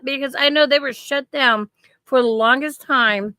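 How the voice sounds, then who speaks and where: Fifties woman, rambling storyteller, slightly high pitch, dry close sound. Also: normal speed, pushed and bright, clean tone, no room sound. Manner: rambling storyteller, laughs often. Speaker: stream co-host. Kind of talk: casual chat.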